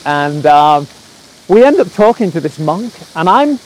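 A man, preaching through a personal story in a lively way and acting out the quotes. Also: a little high, a little slow, rough recording. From England. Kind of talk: storytelling sermon.

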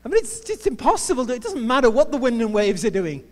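A male preacher delivers his sermon in a playful, joking way. His voice sits very high, and the sound comes with a long reverb from a large hall. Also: big pitch swings, fast. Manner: playful, jokey storytelling.

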